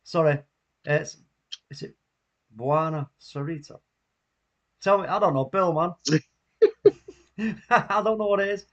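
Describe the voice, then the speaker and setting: A man's voice: a little high, slow pace, long pauses, fairly bright tone, dull audio. Chatty man hosting a live stream. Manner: chatty, laughs a lot, reads out viewer comments. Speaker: watchalong host. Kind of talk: casual live stream chat.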